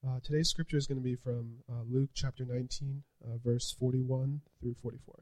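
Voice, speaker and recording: Mellow-voiced man reading scripture. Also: mid-range voice, level tone, a little fast. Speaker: scripture reader.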